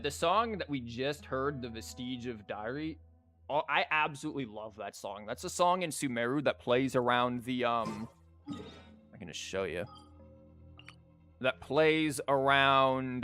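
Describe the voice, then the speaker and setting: Commenting on a card game with game music in the background, a man who streams and teaches chats casually, rambling with fillers. He has a sore throat and is losing his voice, yet sounds expressive, mid-range and a bit bright at a measured pace.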